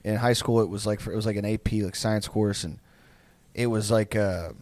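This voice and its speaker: A man's voice: lowish voice, fairly even intonation, brisk, darkish tone, no room sound. A young man on a podcast telling a rambling, profane story in casual chat, full of likes and ums. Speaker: podcast co-host.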